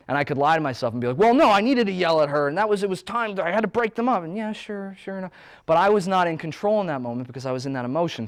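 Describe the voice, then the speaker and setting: A man in his thirties, a wellness coach, giving an animated, joking motivational talk. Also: medium pitch. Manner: animated and joking, with playful asides.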